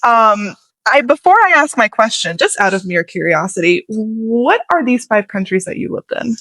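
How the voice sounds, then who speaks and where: A woman's voice: fairly high pitch, very animated, normal speed, fairly bright tone, dry recording, rough recording. A woman hosting an interview. She is enthusiastic and hesitant, with many "um" fillers as she asks her questions. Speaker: interview host. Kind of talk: casual interview chat.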